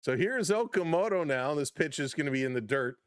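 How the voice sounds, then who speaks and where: A man with a high, light voice calls a baseball game on a live stream, recorded close and dry with no room sound. He gets loud and excited on big plays, laughs easily, and greets his chat viewers by name. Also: brisk, smooth, no echo. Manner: bursts into shouting excitement on big plays, chuckles often. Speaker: live stream play-by-play host. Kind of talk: excitable baseball play-by-play with chat shout-outs.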